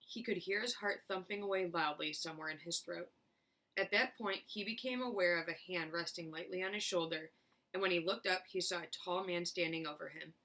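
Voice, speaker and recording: A woman teacher reading a children's chapter book aloud with clear, expressive narration. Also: fairly low pitch, fairly quick. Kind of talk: storybook read-aloud.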